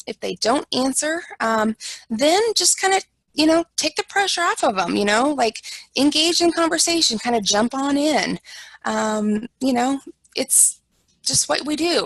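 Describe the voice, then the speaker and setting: A woman's voice: a little high, creaky, fairly bright tone, no echo, poor audio. An American woman giving an informal talk on dementia care, chatty and full of ums and you-knows. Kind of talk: presentation lecture.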